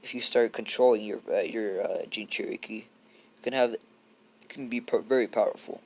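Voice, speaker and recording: A man's voice: lowish voice, steady tone, normal speed, a little mellow, close to an everyday voice. A man voicing Naruto, a chatty teen ninja. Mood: friendly. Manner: chatty, encouraging, loose with fillers. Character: cheerful, friendly teenage boy ninja.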